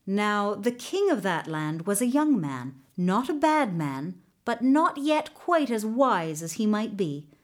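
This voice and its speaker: Woman storyteller reading a folk tale aloud, lively in pitch and slow-paced. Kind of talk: storybook narration.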